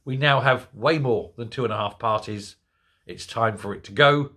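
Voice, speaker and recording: A man's voice: mid-range voice, normal speed, pushed and bright, husky. A man delivering an indignant, sarcastic political commentary monologue. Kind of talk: ranting monologue.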